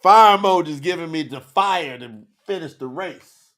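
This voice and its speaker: A man's voice: on the high side, moderate pace, fairly bright tone. A man teaching scripture on a live stream, emotional and teary, sweating, calling out to his viewers in the chat. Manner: emotional, preachy, talks to chat.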